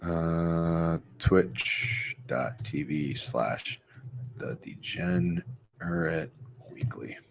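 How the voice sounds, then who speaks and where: Young male stream host, deep voice, rambling and profane, casual betting chat. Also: extremely slow, vocal fry, a little hiss or hum.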